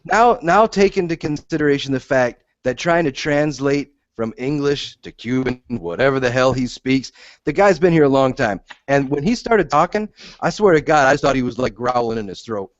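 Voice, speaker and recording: A man's voice: medium pitch, lively intonation, normal speed, no echo. A man co-hosting a podcast, arguing bluntly and emphatically in casual, profane chat. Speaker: podcast co-host. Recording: dull lo-fi audio.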